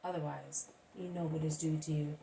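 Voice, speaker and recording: A woman's voice: low-pitched, steady tone, moderate pace, creaky, mellow. A woman reading the part of a proud, hostile male scribe, in an insistent, scornful manner, from a distant mic with faint hiss. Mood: demanding.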